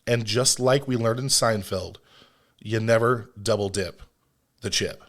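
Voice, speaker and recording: A man with a lowish voice hosts a solo podcast and talks straight to the listener. His delivery is emphatic, and he slips in firm, scolding asides as he lays out his points. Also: measured pace. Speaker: podcast host.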